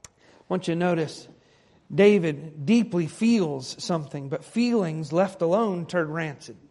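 A man preaching a sermon, dropping to a hush and then building to loud, pleading passages. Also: a little high, animated, a little slow. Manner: swings from hushed to loud, dramatic pleading quotes. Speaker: pastor.

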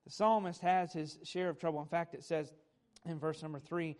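Male pastor, sermon, high-pitched, measured teaching delivery, asks the listeners questions. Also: fairly even intonation. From America. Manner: measured teaching, stresses key words, asks the congregation questions.

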